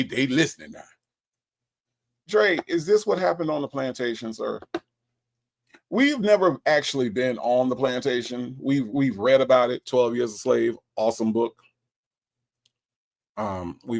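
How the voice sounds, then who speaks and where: A man hosting a live show, teasing and animated, repeating words in rapid bursts as he reacts to a call recording. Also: medium pitch. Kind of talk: mocking commentary on a call recording.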